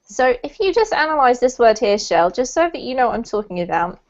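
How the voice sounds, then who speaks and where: A brisk, very animated woman with a voice on the high side leads an online English pronunciation class. Chatty and encouraging, she laughs lightly, and the video-call audio comes across dull and lo-fi.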